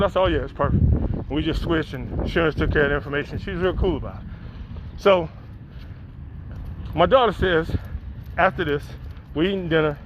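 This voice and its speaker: A middle-aged man, telling a profane, animated spoken-word story and acting out the dialogue. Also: a little high, highs cut off, slight background noise. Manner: acts out dialogue, rises in excitement.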